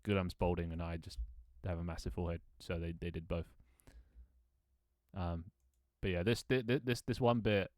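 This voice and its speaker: A man's voice: low-pitched, steady tone, moderate pace, a little mellow, no room sound, clean studio sound. A man in his twenties chatting casually on a live stream, rambling, laughing often and joking about himself with casual swearing. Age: 20s. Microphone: desk microphone.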